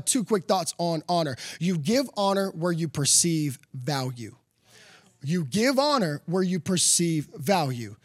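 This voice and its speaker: High-voiced animated preacher man. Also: no echo. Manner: animated storytelling with laughs, building to emphatic calls. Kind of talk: sermon with a personal story.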